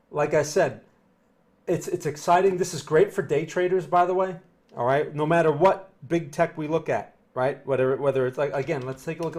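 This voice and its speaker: A man's voice: fairly high pitch, darkish tone. A middle-aged man with a New Jersey accent giving live market commentary, talking casually and answering viewer chat as he goes. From northern New Jersey. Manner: conversational, repeats himself, reads chat aloud. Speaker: market analyst streaming live.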